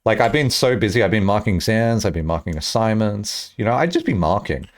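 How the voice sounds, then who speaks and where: A young man chatting casually on a live stream, rambling and joking with bursts of excitement. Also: on the low side, fairly quick.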